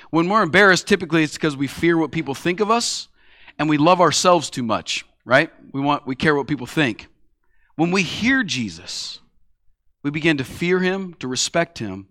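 A man's voice: fairly high pitch, sharp tone, dry recording, clean studio sound. A man preaching a sermon in a conversational way, acting out the voices he quotes. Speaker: pastor.

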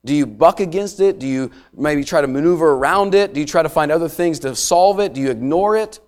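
A middle-aged male pastor delivering a sermon, swinging between raised emphasis and quiet, slowed-down words. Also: fairly high pitch. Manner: dramatic preaching with wide swings in loudness, dropping to hushed emphasis.

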